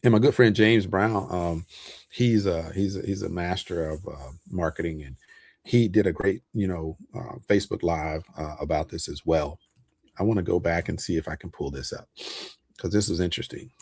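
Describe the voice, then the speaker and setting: A man's voice: deep voice, moderate pace, a little mellow, breathy edge, dry recording, studio quality. A man hosting a casual livestream about investments, loose and chatty with lots of fillers and frequent chuckles. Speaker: online host talking about investments.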